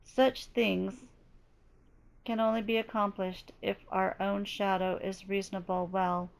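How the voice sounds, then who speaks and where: Woman, slow measured teaching, gravelly, hoarse from losing her voice. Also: mid-range voice, flat delivery. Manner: slow, deliberate, measured delivery. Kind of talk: slow reflective spoken teaching.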